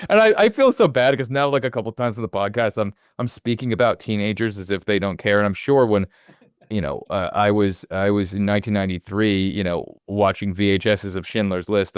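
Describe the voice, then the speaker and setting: A man in his forties chats about a film on a podcast, rambling and circling back with fillers and quick acted-out quotes. His voice sits low and comes across smooth and resonant. The sound is dry and close. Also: no room sound. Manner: rambling, lots of fillers and restarts, acts out quotes. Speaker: podcast co-host. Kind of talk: casual film discussion.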